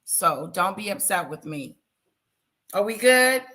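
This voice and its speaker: A woman hosting a casual live stream, talking loudly and chatting with her viewers by name. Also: medium pitch, expressive, slow pace, low-quality recording. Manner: loud, talks to chat viewers by name.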